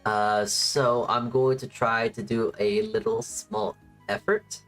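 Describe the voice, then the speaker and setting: Woman, low voice, rambling casual streamer chat, soft music bed underneath. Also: lively intonation, slow. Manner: rambling, restarts sentences. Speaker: VTuber streamer. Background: faint background music.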